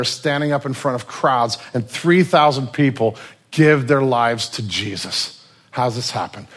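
A male pastor preaching a sermon, telling stories with lively swings between loud and quiet passages. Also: mid-range voice, husky.

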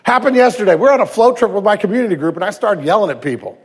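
Pastor guy preaching, kinda high voice, gets loud then goes real quiet and soft. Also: racing, slightly rough. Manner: animated, shifts between loud emphasis and hushed tenderness; acts out quoted voices and anecdotes. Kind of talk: sermon.

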